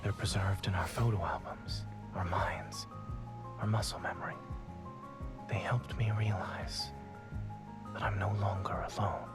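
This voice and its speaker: An actor voicing a gentle, reserved young man from a game, speaking in a soft breathy whispered role-play. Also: low voice, steady tone, a little slow, long pauses. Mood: wistful. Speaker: game character. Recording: game audio over loud music.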